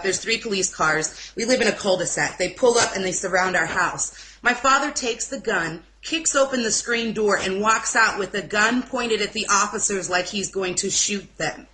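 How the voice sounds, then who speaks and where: A young woman giving an emotional personal testimony in an informal interview, speaking haltingly with restarts. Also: mid-range voice, pushed and bright, slight background noise, poor audio. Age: young adult. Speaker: interview guest.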